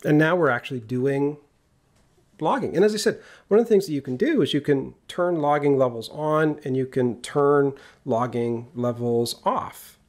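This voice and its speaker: Speaking at a moderate pace in a mid-range voice, a male programming instructor records his screen for a coding tutorial. He's easygoing and jokey, chatting through every step while typing code.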